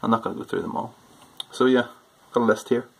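A man with a Northern Irish accent chatting casually through an accent challenge on his vlog, self-deprecating and loud on stressed words. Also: medium pitch, quick pace, creaky, husky, low-quality recording. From Northern Ireland. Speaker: homebrewing YouTuber.

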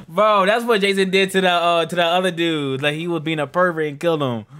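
A young man hosting a casual movie reaction, excitable and slangy, laughing and swearing as he talks to viewers. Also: fairly high pitch, a little fast, slight background noise. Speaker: reaction host.

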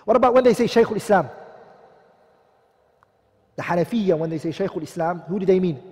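A man's voice: sits high, animated, a little fast, warm tone, husky. A man giving a classroom lecture who asks his students questions, answers them himself and repeats each key term. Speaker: teacher. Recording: long hall reverb.

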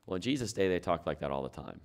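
A man's voice: deep voice, big pitch swings, fast. A man preaching a sermon as pastor, talking it through in a conversational way and asking his listeners rhetorical questions.

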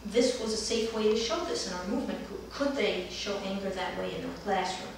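A middle-aged woman therapist recounts a therapy session in a calm, gentle storytelling manner. Her voice sits at an ordinary pitch for a woman. It carries a heavy room echo and is heard from some distance away from the mic. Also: brisk, gravelly, slight background noise. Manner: calm, gentle storytelling, livelier when acting out children. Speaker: dance movement therapist.

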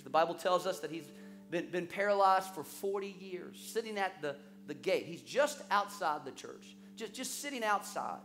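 A male pastor preaching a sermon, telling stories with lively acted-out quotes and quick repetitions. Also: high-pitched, soft background music. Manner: animated storytelling, acts out quoted voices; repeats words when excited.

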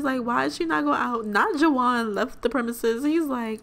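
Young woman host, casual game commentary, slightly high voice, unhurried delivery, chatty and exclamatory, talks to viewers directly. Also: expressive, a bit bright. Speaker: let's play host.

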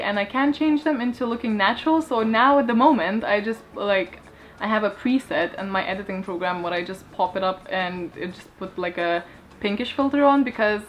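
A young woman, a book YouTuber whose voice is going hoarse, reading viewer questions aloud and answering them in a casual chat. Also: on the high side, a little hiss or hum. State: hoarse, losing her voice.

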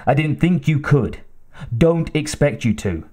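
A man's voice: a little high, expressive, measured pace, dark tone. A man voicing a tense, focused male ship captain who asks short, pointed questions. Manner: terse, questioning.

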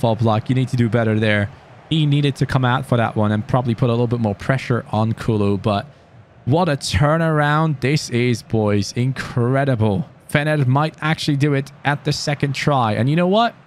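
A gaming YouTuber, a man commentating his own football game, casual and chatty, yelling when his team scores. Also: mid-range voice. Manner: excitable, yelling at goals. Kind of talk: live gameplay commentary.

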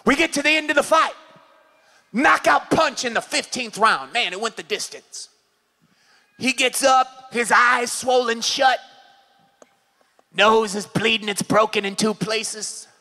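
High-pitched, bright-voiced preacher man. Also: unhurried, pauses often. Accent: Californian. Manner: impassioned preaching, shouting and acting out scenes. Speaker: pastor. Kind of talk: sermon. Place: church service.

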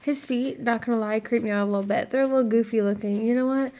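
A woman's voice: on the high side, fairly even intonation, fast, mellow. A woman hosting her gaming channel, reacting with dramatic, profane, exaggerated outbursts during casual game commentary.

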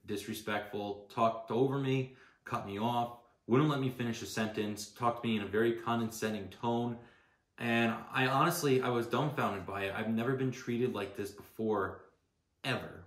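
A man's voice: fairly low pitch, fairly bright tone, roomy sound. A man telling an aggrieved, exasperated story about a bad customer experience, speaking casually. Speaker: customer posting a complaint video. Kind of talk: casual spoken complaint.

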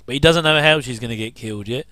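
A man's voice: mid-range voice, quick pace, bright, forceful tone, no echo. A middle-aged man giving a chatty, jokey commentary over a TV episode. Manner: chatty, jokey asides with chuckles. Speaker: commentary host. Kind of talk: casual watch-along commentary.

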